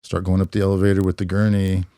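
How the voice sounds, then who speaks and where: A middle-aged man from California looks back on his life as a podcast guest, thoughtful and in no rush, leaning on "you know" as he talks. His voice is deep and mellow. The recording is dry and close. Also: monotone, smooth, dry recording. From California, USA. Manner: reflective, unhurried, many "you know" fillers. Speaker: podcast guest, former police officer. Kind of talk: conversational storytelling.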